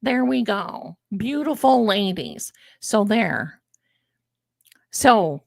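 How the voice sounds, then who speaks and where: Slow-talking chatty older woman. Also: medium pitch, expressive, vocal fry, no room sound. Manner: chatty, digressive, storytelling asides. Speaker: host of a live tarot and commentary stream. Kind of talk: casual live-stream commentary.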